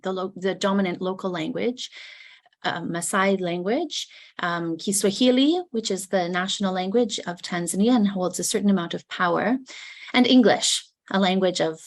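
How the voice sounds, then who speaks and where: A woman researcher gives a prepared academic presentation over a video call. She speaks formally and articulately, as if reading from a text. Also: on the low side. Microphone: video call microphone.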